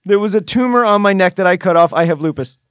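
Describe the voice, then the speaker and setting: A man playing a flustered, evasive high school football coach at a press conference, rambling defensively with nervous laughs. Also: lively intonation, fast talker, clean tone, dry recording, studio quality. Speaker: podcast co-host.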